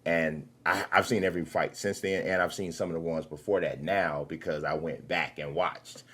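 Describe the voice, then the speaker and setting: A man's voice: deep voice, steady tone, moderate pace, fairly bright tone, husky. A man interviewing a guest, talking in an easygoing, agreeable way with a lot of "yeah.". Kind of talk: casual interview chat.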